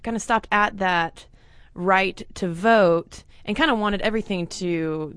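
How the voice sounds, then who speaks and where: A woman's voice: fairly low pitch, a bit bright, smooth, dry recording. A woman co-hosting a casual history podcast, laughing easily and thinking aloud with fillers. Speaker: podcast co-host.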